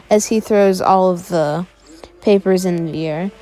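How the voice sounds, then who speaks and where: A woman's voice: lowish voice, measured pace, mellow. A woman casually telling a fan story, rambling along with many fillers. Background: faint background music.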